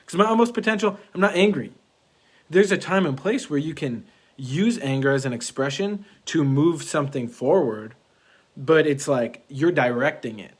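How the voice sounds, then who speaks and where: A young man talking straight to his viewers in an earnest, slightly preachy tone, with a steady mid-range voice. He leans on "like" and says his main points twice for emphasis. The sound is close and a bit thin, picked up by wireless earbuds. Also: medium pitch. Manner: earnest, preachy, repeats key phrases, lots of "like". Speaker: vlogger, relationship coach. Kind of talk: casual monologue to camera.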